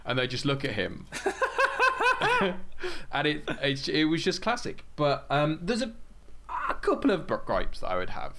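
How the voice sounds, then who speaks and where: A man's voice: a little high, wildly swooping pitch, unhurried, pushed and bright. A man hosting a casual podcast discussion, talking with enthusiasm and often restarting his sentences. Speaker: podcast host leading the discussion.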